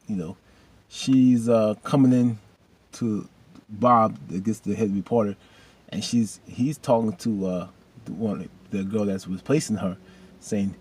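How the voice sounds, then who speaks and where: A man casually recapping a TV episode, rambling and animated with loose slang. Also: fairly low pitch, slight background noise. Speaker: video host recapping a TV episode.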